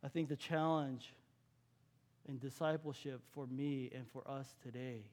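A man from California, preaching a sermon in a conversational way, asking his listeners questions and dropping to a hush for key points. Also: mid-range voice, fairly even intonation, a little slow. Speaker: pastor.

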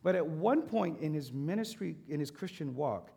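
A man's voice: fairly high pitch, animated, normal speed, vocal fry, few pauses, dark tone. A man preaching a sermon to a congregation, emphatic, rising and falling as he quotes scripture. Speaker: pastor.

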